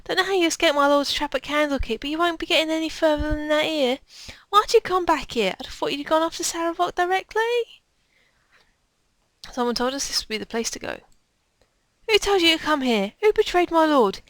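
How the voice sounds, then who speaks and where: A woman's voice: sits high, a little fast, a bit bright, dry recording, voice pushed up. A woman voicing a menacing female henchwoman who gloats and threatens. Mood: gloating.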